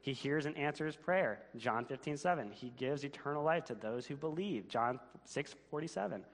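A man's voice: on the high side, expressive, normal speed. A man preaching a sermon as pastor, earnest and building to emphatic questions. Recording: long reverb of a church hall.

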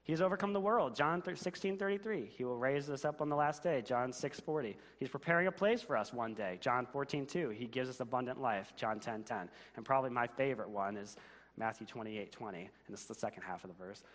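Earnest pastor preaching in a reverberant hall. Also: male voice, mid-range voice, a little fast. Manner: earnest, rising to emphatic questions. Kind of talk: sermon. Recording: long reverb of a church hall.

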